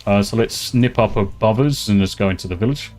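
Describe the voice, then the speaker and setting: A man's voice: on the low side, fairly quick, a little mellow, soft background music. A British man streaming a game, ranting and swearing freely in casual chat. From Britain. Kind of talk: casual live-stream chat while gaming.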